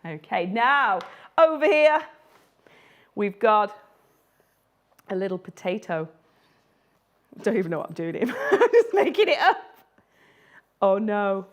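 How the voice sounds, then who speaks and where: A woman's voice: mid-range voice, big pitch swings, slow, long pauses. A woman who illustrates children's books, giving a chatty, playful live drawing tutorial and laughing often.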